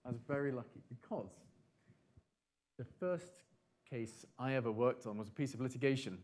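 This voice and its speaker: A man's voice: medium pitch, normal speed, a little mellow. Chatty male conference speaker, middle-aged. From Britain and France. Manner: chatty, asks the audience questions, dry humor. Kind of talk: conference talk to a live audience. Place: conference hall.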